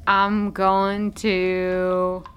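A woman's voice: medium pitch, monotone, drawn-out words, a bit bright, clean tone. A woman playing a tabletop game, chatting casually, swearing and laughing. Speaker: player.

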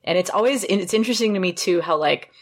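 A woman co-hosting a casual podcast, talking in a relaxed way with many fillers. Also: fairly low pitch, fast. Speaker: podcast co-host. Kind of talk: casual chat.

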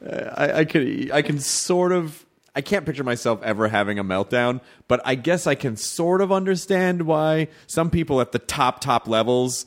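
Male podcast guest, loose rambling talker who jumps into high-pitched impressions of people. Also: lively intonation, normal speed. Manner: rambling, self-interrupting, acts out quotes in high voices. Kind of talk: casual podcast chat.

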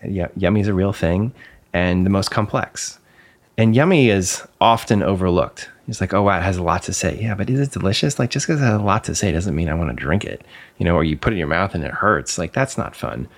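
Deep-voiced man, candid and emphatic. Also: expressive, fairly quick. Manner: candid, emphatic, occasionally swears; repeats words as he searches for phrasing. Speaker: guest. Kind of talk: casual conversation.

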